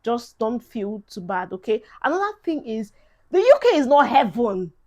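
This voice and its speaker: A woman's voice: fairly high pitch, sing-song, normal speed, darkish tone. A young Nigerian woman vlogging advice in a chatty, emphatic way, dropping Pidgin phrases into her talk. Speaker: vlogger giving advice to incoming students. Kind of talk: casual advice vlog.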